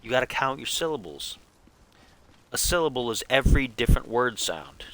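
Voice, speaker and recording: A man's voice: mid-range voice, sing-song, moderate pace, a bit bright, a little hiss or hum. A man streaming a game, chatting casually in a goofy, rambling way and chuckling at his own jokes. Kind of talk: casual live gameplay chat.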